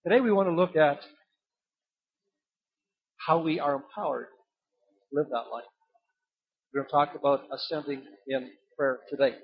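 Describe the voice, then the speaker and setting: Older preacher, husky and high-pitched. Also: male voice, moderate pace, pauses often, phone-quality sound. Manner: folksy, acts out quoted voices in the story. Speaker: pastor. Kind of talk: sermon with storytelling.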